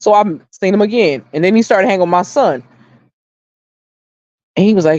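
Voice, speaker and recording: A woman's voice: mid-range voice, normal speed, a little mellow, no room sound, highs cut off. A middle-aged woman hosting a casual livestream chat, blunt and opinionated, swearing freely and repeating her points for emphasis as she tells stories. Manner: storytelling, emphatic repetition. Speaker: livestream host.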